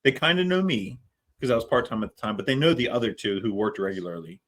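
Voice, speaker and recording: A man's voice: medium pitch, animated, fast talker, fairly bright tone. A middle-aged man, a paramedic co-hosting a podcast, telling a story in a laid-back, casual way and swearing freely. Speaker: podcast co-host.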